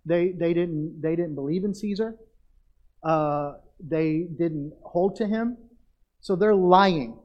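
A pastor preaching a sermon, addressing the congregation directly and drawing out key phrases for emphasis. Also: male voice, fairly high pitch, slow pace, highs cut off.

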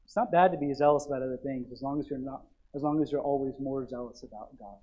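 Pastor, male, fervent sermon delivery with sudden drops to quiet asides. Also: mid-range voice, quick pace, dull audio. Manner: exhorting, repetitive calls to get excited; dynamic, dropping to quiet asides.

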